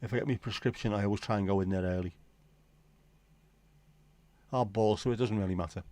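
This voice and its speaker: A man's voice: fairly low pitch, steady tone, a little fast, dark tone. A man hosting a casual livestream, rambling and joking with viewers and swearing casually. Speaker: livestream host. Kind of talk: casual chat reading viewer comments.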